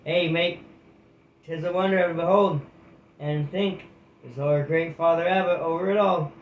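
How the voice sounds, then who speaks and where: A man's voice: a little high, fairly even intonation, a little slow, roomy sound, lo-fi sound, slight background noise, natural voice. A man voicing a burly, hearty male otter who talks like an old sailor. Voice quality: salty sailor talk.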